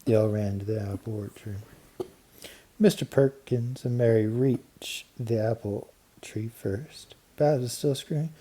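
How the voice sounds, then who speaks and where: Mellow-voiced man reading a storybook. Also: mid-range voice, a little slow. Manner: steady, clear storytelling with lively emphasis. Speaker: audiobook narrator.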